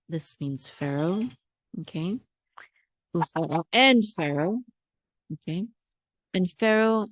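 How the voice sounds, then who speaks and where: A woman teaching Hebrew pronunciation, patiently repeating words slowly for practice. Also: on the low side, dry recording, clean studio sound.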